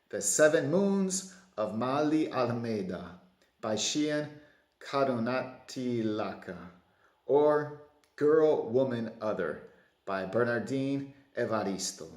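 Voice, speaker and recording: A man's voice: mid-range voice, a little mellow. A man hosting a book quiz, chatty and self-deprecating with playful asides. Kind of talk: casual quiz presentation to camera. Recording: roomy echo.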